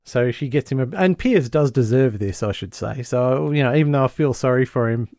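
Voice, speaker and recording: Man, podcast co-host, animated storyteller, dry close mic. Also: mid-range voice, a little fast, dry recording. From Australia. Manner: animated storyteller, mimics the characters' lines. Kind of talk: casual chat recapping a sitcom episode.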